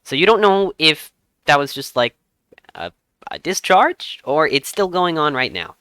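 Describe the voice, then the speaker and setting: A man runs a tabletop game, narrating each scene with measured, dramatic pauses. His voice is bright and crisp. The sound is dry and close to the mic. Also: a little high, dry recording. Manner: lively storytelling with dramatic pauses. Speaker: game master.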